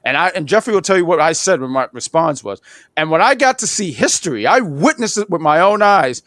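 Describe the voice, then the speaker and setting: Animated high-voiced man in his thirties. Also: brisk, no room sound, studio quality. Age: 30s. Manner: animated, rambling storytelling with laughs. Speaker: podcast co-host. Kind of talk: casual wrestling review chat.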